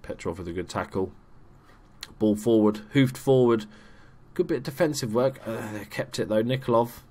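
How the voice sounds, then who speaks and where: Here a young gaming YouTuber talks at a moderate pace in a fairly low voice, giving casual, loose let's play commentary. He chats freely, pokes fun at himself, and swears when things get exciting.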